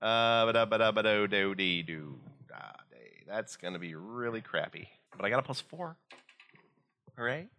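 Male player, lowish voice, very animated delivery, bright tone. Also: normal speed, gravelly, slight background noise. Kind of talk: casual tabletop game chat.

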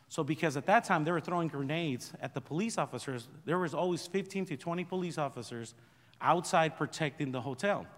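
Middle-aged male pastor, lively testimony, self-deprecating humor, slightly high voice, long church reverb. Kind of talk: sermon testimony storytelling.

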